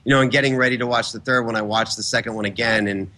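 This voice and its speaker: A man being interviewed about his films, chatting casually and acting out other people's words as he tells stories. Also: mid-range voice. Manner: fast, animated storyteller who acts out quotes. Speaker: guest filmmaker.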